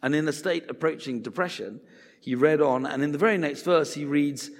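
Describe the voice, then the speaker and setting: A man's voice: on the high side, brisk. A man preaching a sermon in a conversational way, acting out the voices he quotes. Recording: reverberant hall.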